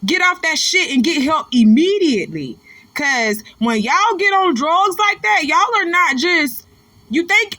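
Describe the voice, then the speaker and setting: A woman's voice: very high-pitched, very animated, unhurried, sharp tone, no room sound. A woman hosting her own commentary channel, ranting bluntly and profanely in a casual, preachy way.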